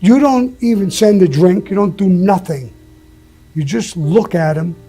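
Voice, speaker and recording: A man's voice: sits high, measured pace, warm tone, breathy edge, faint music behind. A man being interviewed, telling blunt, profane stories with lots of emphasis and the odd laugh. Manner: blunt, emphatic, swears often, laughs mid-story. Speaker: interview guest. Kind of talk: profane storytelling.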